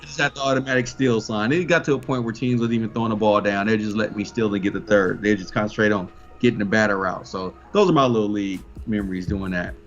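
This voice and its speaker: A man co-hosting a sports chat, telling a quick, relaxed story about his childhood. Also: on the low side, lo-fi sound, soft background music. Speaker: sports show co-host. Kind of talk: casual chat.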